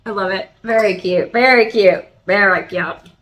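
Young woman, casual unboxing chat, excitable, second-guessing herself, mid-pitched voice. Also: unhurried, poor audio. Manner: chatty, excited, hesitant, with many restarts and laughs. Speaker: plant channel host.

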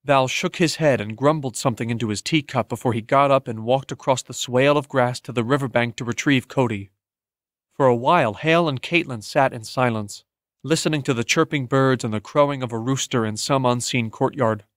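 Male audiobook narrator, steady measured read, dead-dry booth. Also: medium pitch, no room sound. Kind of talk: scripted narration.

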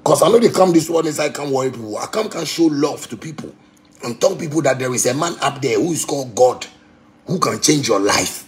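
A man in his thirties with a Ghanaian accent, ranting heatedly on a phone livestream and preaching, swinging between loud outbursts and low murmurs. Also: expressive, fairly quick. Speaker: musician live-streaming. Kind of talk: impassioned social media rant.

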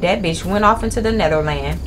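A woman streaming a horror game, reacting loudly with constant swearing. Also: fairly low pitch, a little fast, noisy background. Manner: loud, profane, swearing reactions. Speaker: gaming streamer. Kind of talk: horror gameplay commentary.

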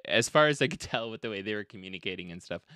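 A man's voice: on the low side, expressive, racing, sharp tone, clean tone, no echo, studio quality. A man co-hosting a podcast, talking casually, swearing freely and laughing often while retelling a story. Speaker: podcast co-host.

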